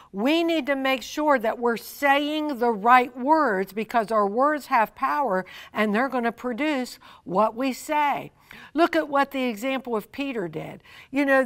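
A woman teaching a sermon on finances, mid-pitched and emphatic, leaning on repeated phrases. She voices quoted people as she goes. Her voice is recorded dry and close. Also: a bit bright, no echo. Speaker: Christian money teacher. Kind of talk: preaching teaching.

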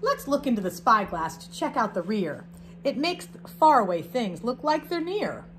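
A woman, a teacher reading a picture book aloud to her class, expressive, with chatty asides between the verses. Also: a little high, normal speed, a little hiss or hum.

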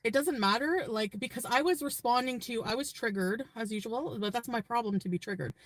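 A woman chats away in a loose, rambling vlog from inside her car. Her voice sits a little high. The sound is close and dry. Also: brisk, no room sound. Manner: rambling, chatty. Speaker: vlogger. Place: parked car.

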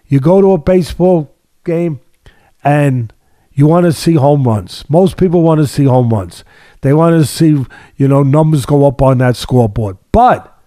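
A fairly high-pitched man breaks down a fight on a casual sports podcast. His tone is warm and mellow, his delivery emphatic and sardonic, and he circles back to repeat key phrases. The sound is dry and close. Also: no room sound. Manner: sardonic, builds long analogies. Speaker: podcast host and boxing analyst.

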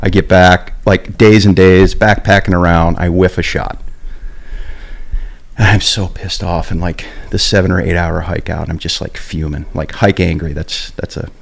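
A middle-aged man in a casual podcast conversation, an animated storyteller who talks in a loose, chatty way. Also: low voice, normal speed, creaky. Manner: animated storyteller, lots of "like" and "dude". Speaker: guest, veteran bowhunter.

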